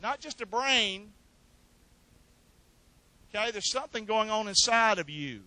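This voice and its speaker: High bright preacher, loud then hushed. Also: male voice, lively intonation, unhurried, dry recording, poor audio. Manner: exhorting, coaxing the congregation to repeat lines; swings between loud emphatic lines and low asides. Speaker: pastor. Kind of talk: sermon with call and response.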